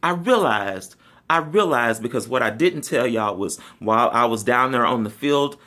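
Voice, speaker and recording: A man telling a funny personal story in a casual, sassy way, laughing often and jumping between loud outbursts and quiet asides. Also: medium pitch, lively intonation, normal speed.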